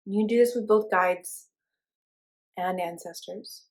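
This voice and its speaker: Woman, young adult, spiritual teacher, casual chatty delivery, fillers and restarts, mid-pitched. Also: unhurried, long pauses. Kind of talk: casual spoken class.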